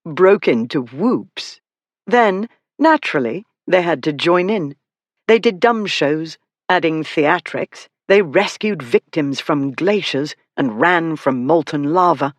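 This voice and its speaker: An audiobook narrator reading a historical romance in measured, expressive scripted narration. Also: medium pitch, no echo.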